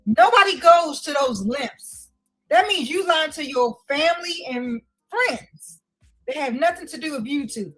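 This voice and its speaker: A woman's voice: high-pitched, expressive, a little slow, fairly bright tone, soft background music, poor audio. Chatty woman hosting a livestream. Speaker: livestream host. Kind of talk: casual commentary livestream. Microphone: headset with earpiece.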